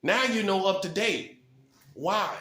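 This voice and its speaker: A man with a high voice preaches straight to camera, firing one rhetorical question after another. He hammers each point with a short "boom" and chuckles at his own lines. The sound bounces around a bare, echoey apartment room. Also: animated, bright, forceful tone. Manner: rhetorical, fast-talking, punctuates points with "boom". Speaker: self-styled prophet.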